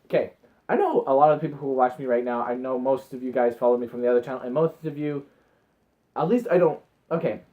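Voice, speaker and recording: A man chatting to camera in a casual vlog, telling rambling, excitable stories and acting out the moments as he goes. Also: medium pitch, fast talker, phone-quality sound. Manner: rambling, excitable storytelling with acted-out asides. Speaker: vlogger.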